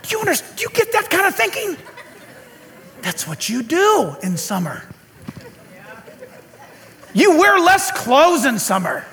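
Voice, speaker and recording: A preacher with a very high, bright voice delivers a lively sermon. He jokes and makes sarcastic asides, and his pitch leaps around as he talks. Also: a little slow, creaky, pauses often, a little hiss or hum. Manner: animated and joking, sarcastic asides. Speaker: pastor.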